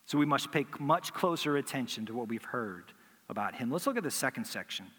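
A man's voice: mid-range voice, animated, brisk, bright, forceful tone, slightly rough, in a large hall. A man preaching a sermon as pastor, teaching through rhetorical questions and acting out imagined replies.

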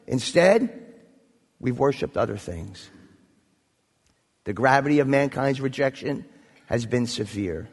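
Husky preacher in an echoey hall. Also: male voice, on the high side. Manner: earnest, storytelling, building to emphasis. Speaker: pastor. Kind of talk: sermon.

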